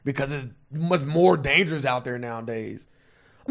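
A man co-hosting a casual podcast, ranting and swearing freely, his voice jumping up high and loud when he gets heated. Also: normal speed, gravelly. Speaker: podcast co-host.

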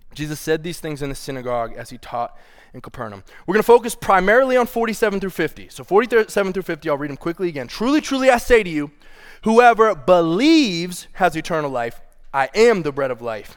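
Young guy pastor preaching, slightly high voice, animated and playful, reads verses with feeling. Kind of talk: sermon.

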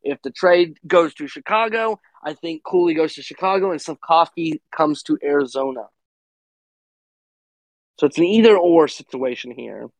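Rambling man, slightly higher voice. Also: expressive, normal speed, dry recording, poor audio. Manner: rambling, many "you know" fillers. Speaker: podcast co-host. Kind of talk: casual hockey podcast chat.

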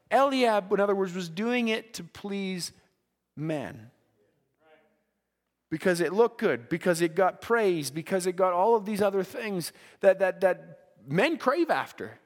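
Very high-voiced man preaching in an echoing hall. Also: lively intonation, a little slow. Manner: earnest, repeats words while building a point. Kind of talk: sermon to young people. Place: church.

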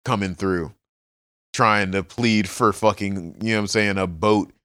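Low-voiced male podcast co-host, animated, profane, slangy recapper, dry close sound. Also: unhurried, clean tone, no room sound. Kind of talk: casual chat recapping a manga.

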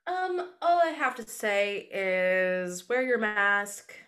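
A woman guest on a podcast, chatting casually in a rambling, self-mocking way with many pauses. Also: medium pitch, very animated, a bit bright. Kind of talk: casual chat.

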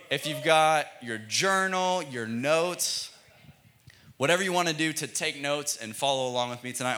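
A young man, a student pastor, preaching a playful, energetic youth sermon in a church and calling for audience responses. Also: medium pitch. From United States.

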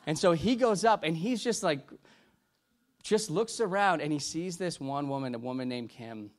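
A man preaching, telling a story and acting out the people in it with lively jumps in his voice. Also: moderate pace. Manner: animated storyteller, acts out quoted dialogue with big pitch jumps. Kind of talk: storytelling sermon.

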